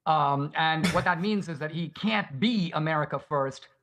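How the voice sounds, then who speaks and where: A man's voice: a little high, normal speed, fairly bright tone. A man arguing in a debate, lecturing and asking rhetorical questions. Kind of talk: debate argument.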